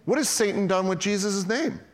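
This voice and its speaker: A middle-aged man, a pastor preaching a sermon, telling stories to the congregation in a lively way and often calling them guys. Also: sits high, brisk, big-room sound. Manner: storytelling, animated, addresses the congregation as guys.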